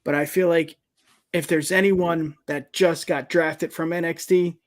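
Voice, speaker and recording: A man's voice: on the high side, a little slow. A man co-hosting a wrestling podcast, chatting casually and hyping things up. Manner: hype-man, energetic sign-offs. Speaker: podcast co-host.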